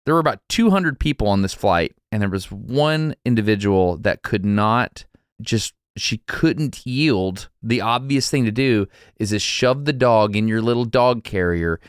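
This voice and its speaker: Male podcast co-host, low voice, dry close sound, chatty storyteller. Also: unhurried, clean tone, no room sound. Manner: animated anecdote-telling with laughs and restarts. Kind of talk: casual storytelling chat.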